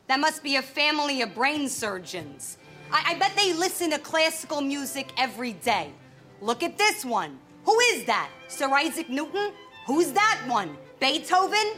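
A woman's voice: sits high, sharp tone, full character voice. An actress playing a ditzy young Long Island saleswoman in a comedy TV ad, with a Long Island accent and a vacant, pushy sales patter. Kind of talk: sketch comedy ad.

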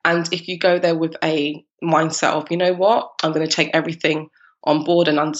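A woman's voice: sits low, a little fast, lo-fi sound. A woman from London with a London accent, a guest talking casually in an interview, chatty and laughing often. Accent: London English. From London, England. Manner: chatty, laughs often, animated when quoting people. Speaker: guest, cupcake business founder.

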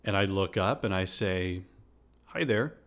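A man's voice: deep voice, a little slow, a bit bright. Rambling sarcastic man telling a story. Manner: rambling, sarcastic, full of restarts and asides. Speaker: podcast host. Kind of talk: comedic storytelling monologue. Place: Houston.

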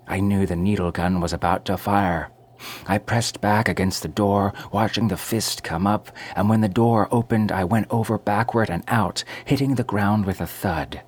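Man reading a story out loud, real low voice, kinda husky, slow and brooding. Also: steady tone. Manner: measured, brooding first-person storytelling. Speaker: narrator. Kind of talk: scripted story narration.

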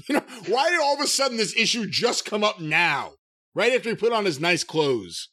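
A man's voice: sits high, very animated, moderate pace, pushed and bright. A man co-hosting a wrestling podcast, chatting casually and joking with frequent laughs. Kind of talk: casual chat about wrestling.

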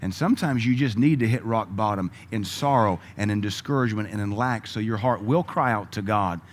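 A man preaching a sermon, moving between loud emphatic lines and quiet asides and chuckling with the congregation. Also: on the low side, fairly quick. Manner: laughs often, conversational asides to the congregation.

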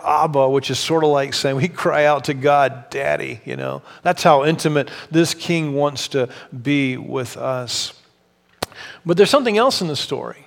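A man with a high voice preaches to his congregation, retelling a story with animated shifts in pace and emphasis. His voice rings with the long reverb of a large hall. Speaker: pastor. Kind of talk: sermon.

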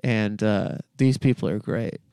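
Podcast guy rambling, lots of likes, gravelly but smooth, dry close mic. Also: on the low side, unhurried, warm tone, dry recording. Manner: rambling, full of "like" and restarts. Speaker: podcast co-host. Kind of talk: casual comedy chat.

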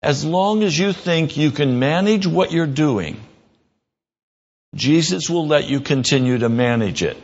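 A man's voice: expressive, muffled recording. A man preaching an earnest, emphatic radio sermon as a pastor. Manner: earnest preaching, slow and emphatic, rising in pitch when pressing a point.

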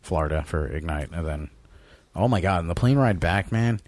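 Sick-sounding deep-voiced man, swearing storyteller. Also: normal speed, no room sound. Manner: swears a lot, animated storyteller. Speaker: podcast co-host. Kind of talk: casual chat.

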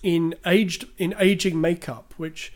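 Guy on a podcast, higher voice, rambly, lots of fillers and restarts. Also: steady tone, takes it slowly. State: clearing his throat. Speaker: podcast co-host. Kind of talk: casual film discussion.

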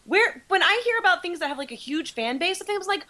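A woman's voice: extremely high pitch, expressive, quick pace, bright, forceful tone. A woman guest on a podcast over a remote call, chatting playfully and laughing at herself. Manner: playful, giggly, self-deprecating. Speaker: podcast guest, YouTube creator. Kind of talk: casual chat.

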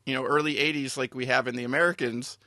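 TV podcast co-host, man, bright voice, dry close sound, rambling with restarts. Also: medium pitch, fairly even intonation, no echo. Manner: halting, many fillers and restarts. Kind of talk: casual chat.

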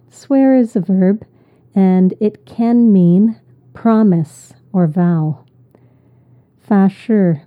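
A woman teaching English vocabulary, repeating each word and explaining it patiently. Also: mid-range voice. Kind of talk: slow, deliberate vocabulary lesson. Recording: tinny phone-like audio.

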